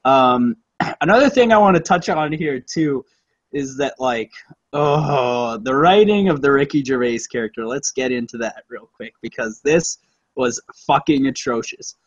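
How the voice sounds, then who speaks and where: A man's voice: medium pitch, animated, measured pace, slightly rough, no room sound, dull audio. A man co-hosting a casual movie-review chat, rambling and profane, with lots of fillers and self-corrections. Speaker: podcast co-host reviewing a movie.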